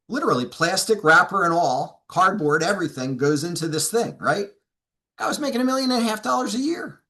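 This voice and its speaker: A man's voice: a little high, sharp tone. A middle-aged man giving a seminar talk as a sales trainer, telling stories and acting out both sides of client conversations.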